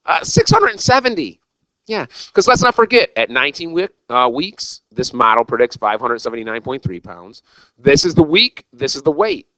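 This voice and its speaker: A man's voice: mid-range voice, very animated, normal speed, pushed and bright, no echo, poor audio. A man teaching a recorded algebra lesson, talking straight to his students in an exuberant, jokey, self-mocking way. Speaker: math teacher.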